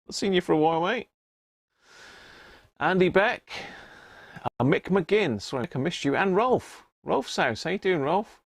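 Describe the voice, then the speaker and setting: A man's voice: high voice, animated, unhurried, pauses often, slightly rough, no room sound. A man hosting a casual live stream about restoring an old radio, chatty and greeting viewers by name as he works.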